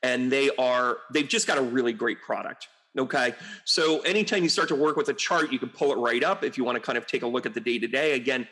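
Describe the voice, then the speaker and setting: A man's voice: medium pitch, fast talker, fairly bright tone. A middle-aged man from the United States, a medium, talking to camera in a rambling, chatty way full of fillers and asides. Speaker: medium and astrologer. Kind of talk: casual to-camera monologue.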